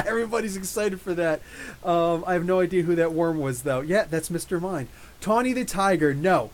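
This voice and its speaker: Male streamer, slightly higher voice, excitable and rambling, many restarts, live review chat. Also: normal speed. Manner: reads and answers live chat comments. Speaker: YouTube comics channel host.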